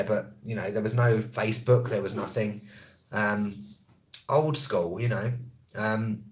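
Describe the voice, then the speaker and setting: With a voice on the low side, a man who travel vlogs and teaches English answers viewer comments in a casual live stream. He talks quickly and chattily, frequently correcting himself mid-sentence.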